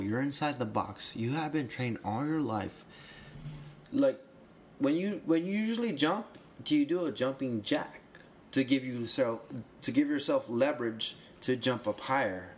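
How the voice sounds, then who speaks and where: A man talks through soccer rules in a loose, rambling way, often restarting his phrases and then landing points with sudden emphasis. His voice sits at an ordinary middle pitch. A faint hiss of background noise hangs under the recording. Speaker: soccer explainer. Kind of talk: casual chat.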